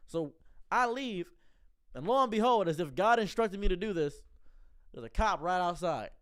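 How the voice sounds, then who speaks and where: A man telling a comedic story in a deadpan way, repeating words as he starts sentences and acting out the other people in lower, quieter voices. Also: moderate pace, smooth.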